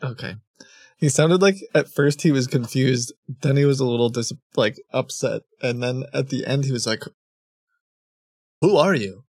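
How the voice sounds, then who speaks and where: A man's voice: mid-range voice, steady tone, normal speed, darkish tone, no room sound, clean studio sound. A man streaming a scam-baiting call, amused and reading out chat and messages. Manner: amused, reads chat aloud.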